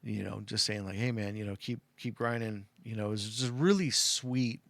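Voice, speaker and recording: A middle-aged man from Arizona tells a heartfelt story, rambling through fillers and getting choked up along the way. His voice sits on the lower side. The sound is dry and close, with no room echo. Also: normal speed, gravelly, fairly bright tone. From Arizona, USA. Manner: rambling, heartfelt, lots of "like" and "you know" fillers. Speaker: fan telling a personal story. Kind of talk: casual storytelling.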